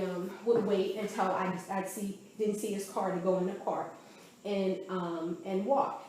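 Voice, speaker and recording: A woman's voice: medium pitch, noisy background. A woman recounting events in a conversational interview, telling her story with animation and acting out what others said. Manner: animated storytelling, often acting out quoted speech. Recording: very echoey room, faint background ambience.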